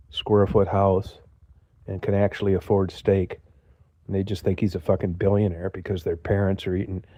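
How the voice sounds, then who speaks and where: A low-voiced older man from the United States runs a livestream, the audio free of echo but with the highs cut off. He's gruff and profane, rambling casually and speaking to chat viewers.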